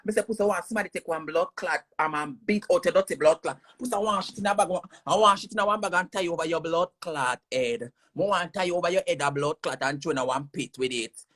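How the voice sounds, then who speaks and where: A woman's voice: fairly low pitch, brisk, hardly any pauses, a bit bright. A woman with a Jamaican accent on a livestream, heatedly cussing someone out in a repetitive, insulting rant. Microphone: phone on a screen-recorded livestream.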